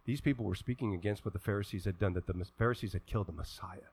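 A husky-voiced pastor preaches, acting out the people in his scripture stories. His delivery lurches from quiet, low asides to loud, fervent calls that he stretches out.

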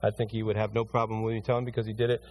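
A middle-aged man preaching a sermon to his congregation as pastor, emphatic, swinging from loud rising bursts to hushed pleading, then leading a prayer. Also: lowish voice, completely flat delivery, racing, slight background noise. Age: middle-aged or older. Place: church sanctuary before a congregation.

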